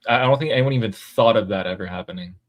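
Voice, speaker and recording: A man hosting a live stream in casual chat, halting and pausing on "um" and "uh" as he talks. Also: on the low side. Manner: halting, with many "um" and "uh" pauses. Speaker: host of a live analysis stream.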